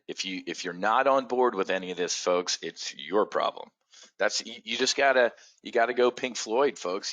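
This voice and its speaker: Profane, sarcastic man with a bright edge. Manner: profane, sarcastic, swings from loud outbursts to low mutters. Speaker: trading show host. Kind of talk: ranting market commentary.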